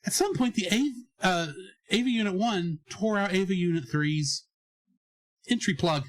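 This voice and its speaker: Animated high-voiced man. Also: a little slow. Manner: animated, acts out scenes with big pitch jumps. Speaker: podcast co-host. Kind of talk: casual review chat.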